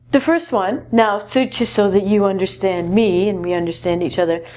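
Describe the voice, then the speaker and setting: A woman's voice: mid-range voice, a little mellow, a little hiss or hum. A woman from Canada, teaching a vocabulary lesson in a chatty, playful way with joking asides. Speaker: English teacher.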